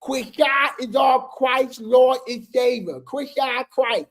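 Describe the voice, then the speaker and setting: A commentary host putting on a comedic impression voice to read a fan flyer aloud in a slow, drawn-out proclaiming way. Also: sits high. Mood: mock-solemn.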